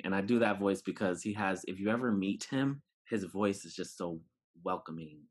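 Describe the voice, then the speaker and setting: A man from New York City with a low, slightly husky voice tells a personal story as a podcast guest. He is animated and acts out the dialogue of the people in his story. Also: moderate pace. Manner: animated, acts out dialogue, laughs while telling.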